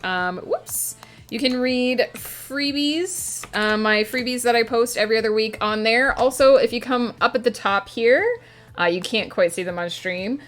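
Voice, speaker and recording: A woman's voice: fairly high pitch, unhurried, a bit bright, faint music behind. A woman streaming a writing session, chatting casually with her audience and answering chat between filler words.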